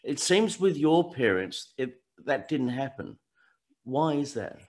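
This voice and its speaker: A man's voice: mid-range voice, big pitch swings, takes it slowly, darkish tone. Man hosting a casual interview. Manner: thinking aloud, repeating words as he goes. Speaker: podcast host interviewer.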